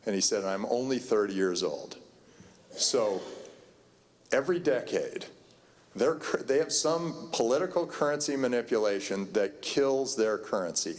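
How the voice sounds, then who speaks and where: A man giving a keynote talk, telling a rambling anecdote full of fillers and restarts. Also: on the low side. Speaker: keynote speaker. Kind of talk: conference keynote storytelling. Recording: long hall reverb.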